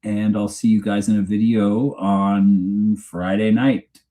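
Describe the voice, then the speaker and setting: A man with a fairly low voice talks casually to his live-stream audience. He rambles, loses the thread and restarts his sentences in an easy, chatty way. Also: little pitch movement, slow pace, warm tone. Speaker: host of a true crime channel. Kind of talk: casual live-stream chat, reading viewer comments. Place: home.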